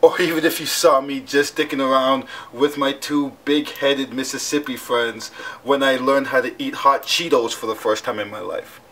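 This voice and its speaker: A man's voice: medium pitch, steady tone, normal speed, few pauses, bright, forceful tone. Chatty man vlogging with a cold. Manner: chatty, rambling, self-mocking. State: has a cold. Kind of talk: casual vlog talk to camera.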